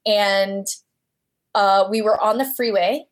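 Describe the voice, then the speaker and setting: Speaking slowly in a medium-pitched voice, a female guest shares a personal story in a casual way. She's animated, performing the voices of those she quotes.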